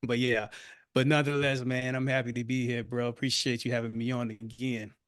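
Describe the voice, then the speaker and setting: A man's voice: medium pitch, flat delivery, brisk, dry recording, studio quality. A man from Florida with a Southern accent, a fitness coach chatting as a podcast guest in a friendly, easygoing drawl. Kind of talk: casual interview chat.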